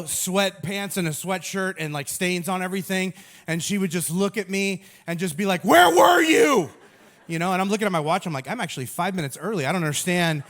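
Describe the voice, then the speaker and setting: A man in his thirties giving a humorous sermon as a pastor, telling stories in an animated, self-mocking way. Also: sits high.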